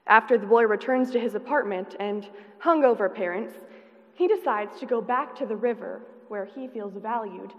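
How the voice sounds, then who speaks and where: A woman's voice: mid-range voice, normal speed. A teenage woman giving an earnest, carefully paced prepared speech as a student speaker at a conference. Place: conference hall. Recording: dull, reverberant hall sound.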